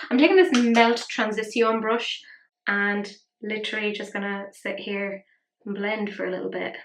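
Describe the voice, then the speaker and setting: A woman's voice: medium pitch, steady tone, moderate pace. Woman, casual makeup vlog chat, self-mocking asides, roomy echo. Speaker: makeup vlogger.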